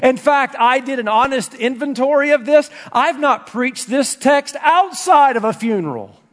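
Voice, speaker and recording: A man preaching a sermon in a church, emphatic, swinging between loud and hushed delivery. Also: extremely high pitch, animated, unhurried. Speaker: pastor. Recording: long reverb from a large room.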